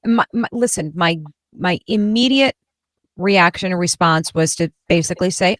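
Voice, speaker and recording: A woman hosting a political talk show, speaking bluntly and sarcastically with animated emphasis. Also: lowish voice, normal speed, no room sound. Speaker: host.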